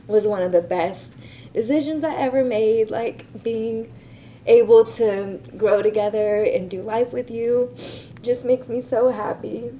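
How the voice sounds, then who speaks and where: A woman's voice: medium pitch, warm tone, a little hiss or hum. A woman, the bride's sister, giving a tender, emotional message. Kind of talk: heartfelt personal message.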